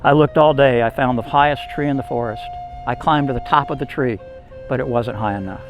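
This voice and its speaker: A man voicing a worn-out male bear in a storybook tale, speaking slowly and quietly in apology. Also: mid-range voice, music in the background, natural voice, rough recording. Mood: apologetic.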